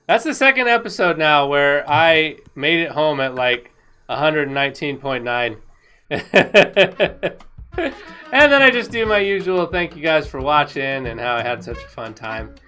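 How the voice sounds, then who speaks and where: A woman talking casually over her own gameplay footage, excitable and rambling, laughing often. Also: deep voice, a little slow, clear, resonant tone, faint music behind. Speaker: gaming video creator.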